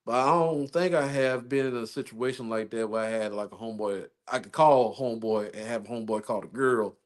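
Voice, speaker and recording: A man's voice: mid-range voice, brisk. A man hosting a podcast, chatting casually in slang about dating. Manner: relaxed, laughing, slang-heavy. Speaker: podcast host. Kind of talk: casual chat.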